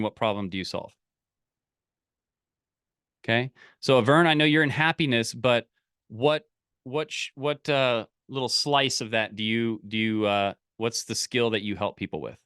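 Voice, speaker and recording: A man coaching a live online group, energetic and full of restarts and repeated words. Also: mid-range voice, moderate pace, clean tone, no room sound, studio quality. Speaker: business coach.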